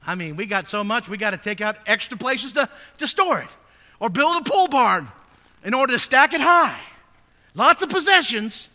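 Guy preaching in a big echoey church, high bright voice, goes from real quiet to booming. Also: sing-song, moderate pace. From United States. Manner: swings from hushed, low asides to loud, emphatic scripture reading. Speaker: pastor. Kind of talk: sermon.

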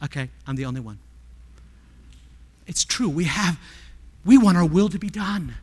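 A male pastor preaching a sermon, asking the congregation rhetorical questions and swinging from hushed tones to loud cries. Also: on the high side, lively intonation, normal speed, slightly rough, in a large hall.

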